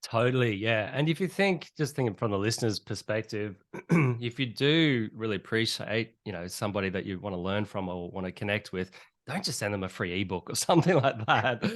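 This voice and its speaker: Aussie guy, middle-aged, bit low-pitched, chatty storyteller vibe, keeps saying right. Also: expressive, brisk. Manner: chatty storyteller, frequent "right?" tags, laughs often. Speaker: guest, web design agency owner. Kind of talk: casual interview chat.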